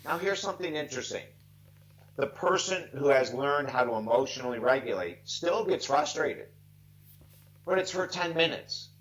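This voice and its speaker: Slightly high and animated, this man's voice carries a fairly bright tone at normal speed over a low-quality recording. He's a sixty-something life coach on a video call, earnestly recounting stories with such feeling he's near tears, heartfelt and emphatic throughout the interview.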